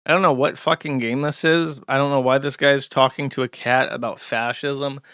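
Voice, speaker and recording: A man with a bright, crisp voice delivers sarcastic commentary on a live stream. He rambles with fillers and drops in short laughs. The sound is dry and close to the mic. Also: medium pitch, fairly even intonation, normal speed, no echo. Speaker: streamer host. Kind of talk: casual ranting commentary.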